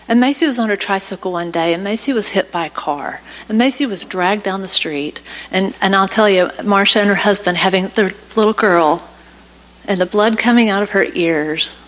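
A woman's voice: medium pitch, low-quality recording. A woman speaking as a guest in a church service, telling a personal story and rising into passionate exhortation. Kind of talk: preaching testimony. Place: church sanctuary.

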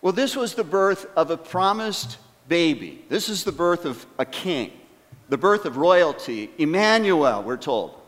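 A man preaching a sermon to his congregation, earnest and emphatic, slowing down on key phrases and asking rhetorical questions. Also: fairly high pitch, animated, a bit bright. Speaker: pastor. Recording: long hall reverb.

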